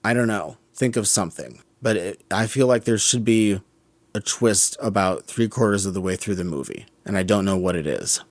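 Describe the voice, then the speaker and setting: A podcast co-host talks through a movie's scenes in a musing, critical way, often correcting himself mid-sentence during this casual film discussion. His voice is fairly low and his pace normal, with clean studio quality and no room sound.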